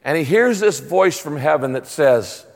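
A man preaching a sermon as pastor, emphatic and animated. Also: a little high, measured pace, vocal fry, big-room sound.

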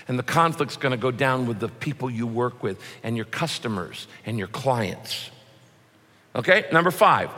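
A man's voice: mid-range voice, pushed and bright, big-room sound. A male pastor preaching a sermon, emphatic and punchy, sometimes mimicking the people he quotes.

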